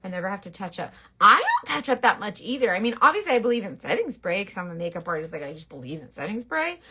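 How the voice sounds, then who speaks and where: A woman's voice: mid-range voice, very animated, fast, bright, forceful tone, husky. A woman makeup artist talking through a casual makeup tutorial in a rambling, playful, sassy way. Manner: sassy slangy talk.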